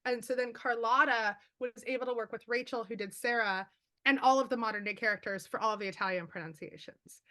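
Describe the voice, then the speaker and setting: A woman author on a video call, telling stories quickly and animatedly with lots of fillers. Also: a little high. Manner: fast, animated storytelling with many fillers. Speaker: author guest. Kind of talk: casual chat.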